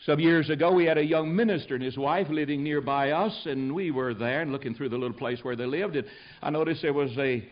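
An older man from the United States preaching a folksy, storytelling sermon, swinging from loud to hushed. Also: fairly high pitch, fairly quick. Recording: dull lo-fi recording.

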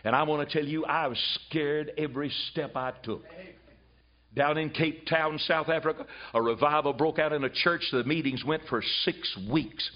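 An older man preaching a fiery revival sermon, swinging from loud exhortation to hushed asides. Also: fairly high pitch, moderate pace. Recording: dull lo-fi sermon recording.

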